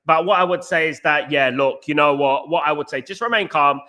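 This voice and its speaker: Bright, passionate man streaming. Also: a little high, brisk. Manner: passionate, repetitive, addresses viewers directly. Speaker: podcast host. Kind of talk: casual fan live stream.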